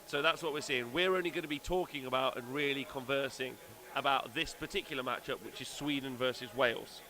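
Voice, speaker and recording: A man's voice: medium pitch, brisk, crowd noise. A man co-hosting a casual wargaming livestream, joking around and reading chat messages aloud. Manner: jokey, reads out chat messages. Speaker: co-host of a wargaming stream.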